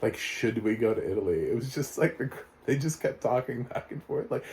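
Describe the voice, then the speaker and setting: A man's voice: medium pitch, expressive, a little fast, darkish tone. A man reviewing a film in casual, rambling talk with sarcastic asides.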